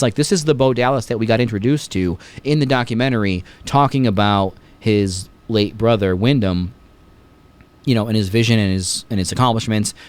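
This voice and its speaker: A man's voice: medium pitch, a little mellow. A man hosting a podcast, chatting casually and jokingly retelling scenes with many fillers. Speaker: podcast host. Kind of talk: casual chat.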